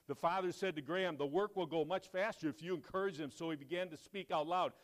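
A man preaching in church, telling a story with animated quoted lines and quieter reflective asides. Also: fairly high pitch, quick pace. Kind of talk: sermon storytelling.

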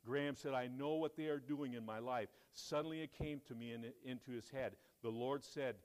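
A man preaching in church, telling a story with animated quoted lines and quieter reflective asides. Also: mid-range voice, a little fast, hardly any pauses. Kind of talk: sermon storytelling.

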